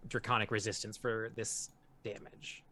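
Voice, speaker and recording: A man's voice: on the low side, level tone, normal speed, pushed and bright. A man playing a tabletop game, matter-of-fact as he reads out saves and rolls. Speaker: player. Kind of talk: casual tabletop play.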